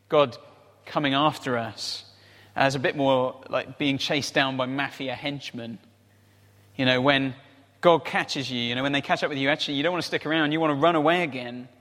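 A man's voice: mid-range voice, a bit bright. A man preaching a conversational sermon, often tossing in rhetorical tag questions. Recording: reverberant hall.

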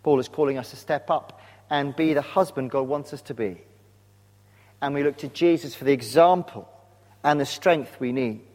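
A man's voice: mid-range voice, normal speed, a little mellow. A man preaching a sermon, speaking earnestly and putting direct questions to his congregation. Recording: long reverb of a large hall.

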